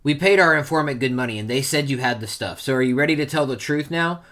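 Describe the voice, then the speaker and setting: A man putting on a harsh naval officer in a manga read-along, gruff and accusing. His voice is bright and pushed louder than usual. He sounds cold and demanding. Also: mid-range voice, quick pace, voice pushed up, natural voice. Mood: menacing. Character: harsh adult male naval officer interrogator.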